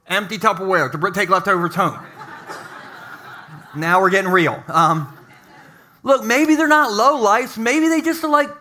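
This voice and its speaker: A man pastor giving a sermon to a live congregation, telling stories with animated humor. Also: very high-pitched. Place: church service with a live congregation.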